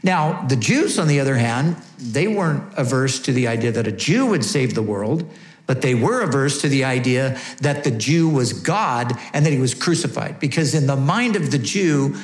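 A man preaching a sermon, emphatic and asking rhetorical questions, slowing down on key words. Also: medium pitch, echoey room. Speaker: pastor.

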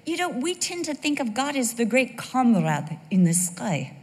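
An animated woman preacher delivering a sermon, mixing scripture with jokes. Her voice sits fairly high, and a long reverb trails each phrase as if in a large hall. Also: normal speed. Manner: animated, joking.

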